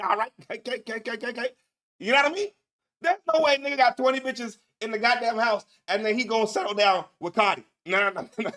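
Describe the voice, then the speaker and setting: A man's voice: very high voice, fast talker, sharp tone. A man hosting a talk show, reacting to a clip with laughing, profane, repetitive commentary. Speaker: show host.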